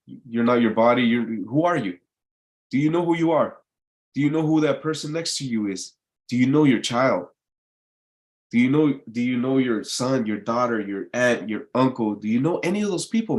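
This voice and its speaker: A man talks at an ordinary middle pitch, hosting his own live online show. He rambles loosely, stumbles over and repeats words, and drops casual swearing as he goes. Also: lively intonation, normal speed. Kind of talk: casual live-stream monologue.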